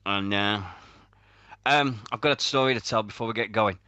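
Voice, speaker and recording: A man's voice: normal speed, no echo. Sweary British man hosting radio. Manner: loud, swearing, bursts into high-pitched outbursts. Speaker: radio show host. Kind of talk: casual sweary radio chat.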